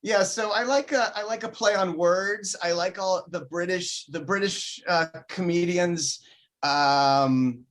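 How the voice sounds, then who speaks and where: A man, a comedian guest, chatting casually over a video call, halting with many ums and uhs. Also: sits high, fairly bright tone. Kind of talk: casual interview chat.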